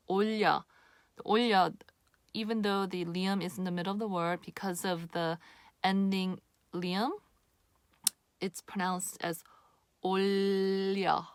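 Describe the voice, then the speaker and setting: A woman giving a casual pronunciation lesson to camera, patient and repeating sounds slowly for the viewer. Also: mid-range voice, dry recording. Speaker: Korean pronunciation teacher.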